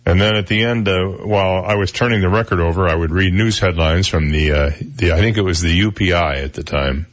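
A man in his sixties with a deep baritone voice, hosting a morning radio talk show and telling stories at a relaxed pace with plenty of fillers. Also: brisk, hardly any pauses. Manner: relaxed storytelling with frequent fillers. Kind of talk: casual morning radio chat. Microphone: studio broadcast mic.

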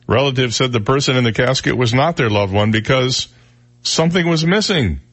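A man's voice: medium pitch, expressive, normal speed, fairly bright tone. A man co-hosting a radio show in casual banter, reading news stories aloud and joking about them. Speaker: radio co-host. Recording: radio broadcast.

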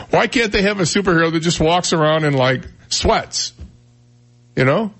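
A man's voice: on the high side, measured pace. A man hosting a morning talk radio show, chatting casually and joking. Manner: animated, joking, laughs often, puts on silly voices.

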